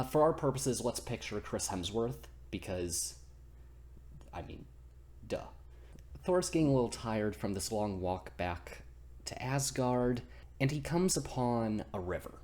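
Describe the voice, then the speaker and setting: Man, casual comedic storytelling, goofy, rambling, slow pace, mid pitch. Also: expressive, darkish tone. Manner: goofy, rambling, self-interrupting. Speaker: storyteller, channel host. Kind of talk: casual comedic myth retelling.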